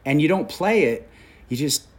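A man's voice: a little high, moderate pace. Candid man in his forties telling stories. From Canada. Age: 40s. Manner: animated, candid storyteller. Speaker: actor, interview guest. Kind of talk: casual storytelling conversation.

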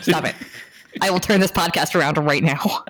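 A woman's voice: fairly low pitch, moderate pace. A woman hosting a casual podcast, joking around and steering the conversation. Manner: joking, playful, lively delivery. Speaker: podcast host.

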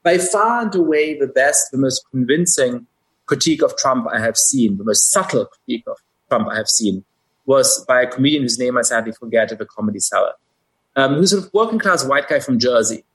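A man's voice: medium pitch, animated, fairly quick, a bit bright, breathy edge, poor audio. A man with a German accent, a podcast guest, making his case analytically with many hesitant fillers. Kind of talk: podcast conversation.

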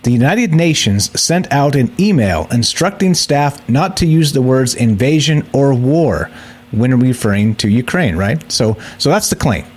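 A man hosts a live call-in talk show, speaking loosely and off the cuff. His voice sits at an ordinary middle pitch. He rambles, circles back on himself, and drops sarcastic asides between fillers. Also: expressive, a little slow, a little mellow. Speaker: podcast host. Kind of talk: casual live-show monologue.

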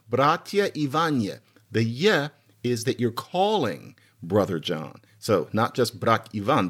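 A man hosting a podcast, giving an informal, animated language lecture and chuckling now and then. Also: medium pitch. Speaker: podcast host.

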